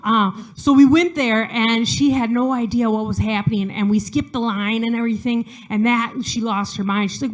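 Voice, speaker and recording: A woman performs a stand-up set in a chatty, self-deprecating way, full of fillers and quick restarts. Her voice sits a little higher than most women's. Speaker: stand-up comedian. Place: studio, audience not audible.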